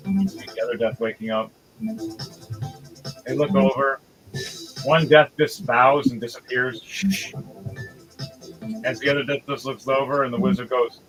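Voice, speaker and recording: Slow, easygoing male game master. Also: mid-range voice, rough recording. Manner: unhurried storytelling with filler pauses. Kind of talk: narrating a tabletop game. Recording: loud background music.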